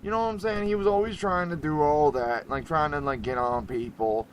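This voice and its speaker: A man hosts an internet radio show, talking casually in a brisk, slightly high voice. He rambles animatedly, laughs often, and swings between loud bursts and hushed asides. The audio is poor, with slight background noise.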